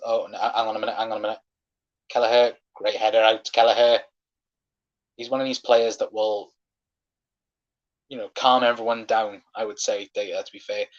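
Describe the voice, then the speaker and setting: A young man hosts a live football watchalong, calling the match as an excitable fan who curses when frustrated. His voice is fairly low, and the audio sounds dull.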